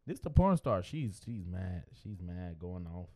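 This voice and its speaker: A man's voice: sits low, big pitch swings, measured pace, hardly any pauses, dark tone, no echo. A man co-hosting a casual podcast, talking loosely and teasing, reading posts aloud. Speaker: podcast co-host. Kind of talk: casual chat.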